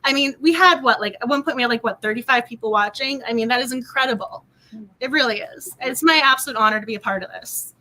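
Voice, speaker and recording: Young woman, book club host, high and bright, gushing casual chat. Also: quick pace. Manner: bubbly, gushing, laughs often. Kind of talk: casual live-stream chat.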